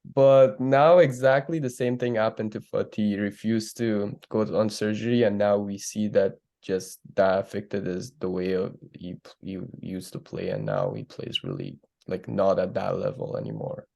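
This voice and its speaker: A man's voice: fairly low pitch, normal speed, creaky, hardly any pauses, darkish tone. A man talking football in a rambling, earnest way, with many fillers. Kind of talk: casual sports chat.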